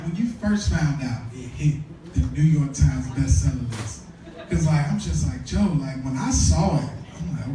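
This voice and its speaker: A man hosting a live podcast, talking in a slangy, excitable, rambling way. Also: fairly high pitch, background noise. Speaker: podcast host. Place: live podcast event before an audience. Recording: roomy venue, distant mic.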